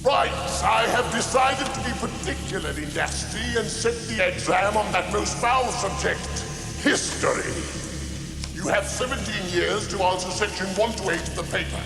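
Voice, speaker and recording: A man doing a gravelly, gloating schoolmaster. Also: sits high, expressive, normal speed. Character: nasty sadistic male schoolmaster. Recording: echoey hall with music.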